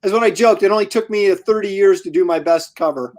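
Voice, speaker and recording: A man's voice: high voice, a little mellow. Blunt, dry-humored man on a call. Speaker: comic artist panelist. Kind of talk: casual chat. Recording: video call.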